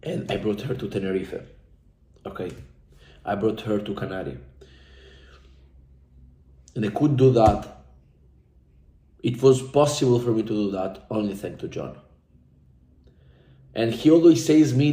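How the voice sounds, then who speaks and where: Young man, dark mellow tone, fervent repetitive testimonial, echoey room. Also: on the low side, lively intonation, measured pace, pauses often. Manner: intense, profane, repetitive, speaks from the heart. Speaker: coaching client giving a testimonial. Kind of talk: emotional motivational testimonial.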